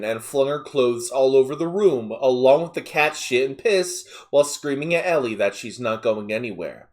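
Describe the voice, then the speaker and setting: Male narrator reading an online story; animated, lively pitch, mid-range voice, casual asides.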